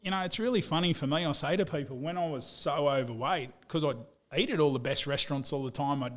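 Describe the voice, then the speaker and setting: A man's voice: on the high side, quick pace. An Australian man in his thirties, telling stories in a casual interview and calling everyone mate. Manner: animated storyteller, says "mate" a lot. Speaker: guest, business owner.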